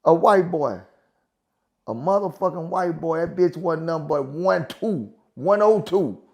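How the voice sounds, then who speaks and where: A man telling profane, animated prison stories in casual chat, repeating phrases for effect. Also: a little high, a little slow. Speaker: guest storyteller.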